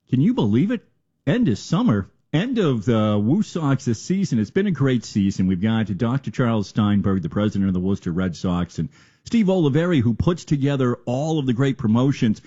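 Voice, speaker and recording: A man's voice: medium pitch, husky. A man hosting a radio show, enthusiastically introducing the upcoming guests. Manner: lively, enthusiastic announcing. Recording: slightly dull lo-fi audio.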